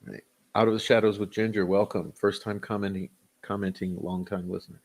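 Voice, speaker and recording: Fairly low-pitched and brisk, with a flat delivery, a man hosts a casual livestream. He reads names from the chat to welcome viewers, rambling loosely amid chuckles and fillers.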